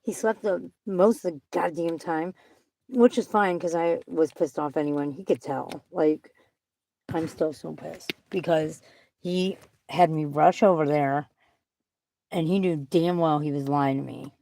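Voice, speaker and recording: A woman with a low voice rambles through a profane, frustrated vent to the camera. She talks from inside a car, and steady vehicle noise runs under her voice. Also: a little slow, creaky, low-quality recording. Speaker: vlogger. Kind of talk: casual venting monologue.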